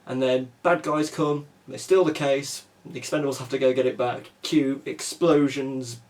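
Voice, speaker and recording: A man's voice: medium pitch, fairly even intonation, moderate pace, darkish tone. A man giving a casual, chatty film review full of asides. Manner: chatty, lots of you-knows and restarts.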